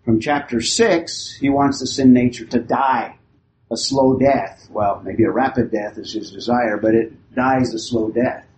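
Measured man teaching a Bible class. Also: mid-range voice, fairly even intonation, darkish tone, a little hiss or hum, low-quality recording. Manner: measured, explanatory, pausing to restate points.

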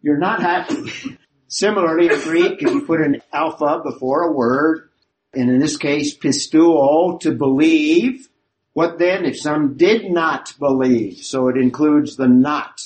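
A man's voice: fairly high pitch, a little slow, darkish tone, rough recording. A man teaching a Bible study class, explaining a passage and asking rhetorical questions of his listeners.

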